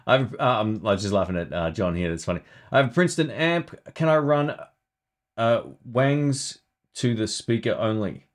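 A man's voice: medium pitch, animated, measured pace. A man hosting a casual live stream about guitar gear, chatting loosely and thinking aloud.

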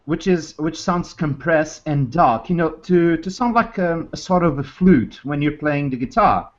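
A man with a slightly high voice talks earnestly about guitar tone over a video call. He searches for words as he goes. The call audio sounds dull and lo-fi. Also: expressive, unhurried. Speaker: guest guitarist. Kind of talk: casual chat.

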